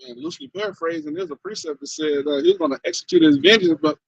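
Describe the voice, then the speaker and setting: A man's voice: on the high side, sing-song, fast, vocal fry, slightly rough, dry recording, highs cut off. A man in a casual scripture discussion who talks in a blunt, slangy, fired-up way. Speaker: fellow member of the camp.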